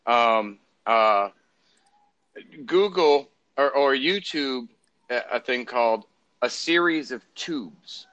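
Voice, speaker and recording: A man talking loosely on a podcast, rambling and sarcastic, with plenty of swearing. His voice is bright and forward, recorded dry and close. The sound is a little dull and lo-fi. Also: mid-range voice, animated, slow pace, no room sound. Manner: rambling, sarcastic, profane, many fillers and restarts. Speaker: podcast co-host. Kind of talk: casual political chat.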